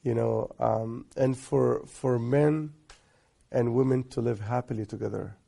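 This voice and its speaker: A middle-aged man from Egypt, a guest sheikh giving relaxed, soft-spoken marriage advice full of stories and amused asides. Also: mid-range voice, a little slow, gravelly.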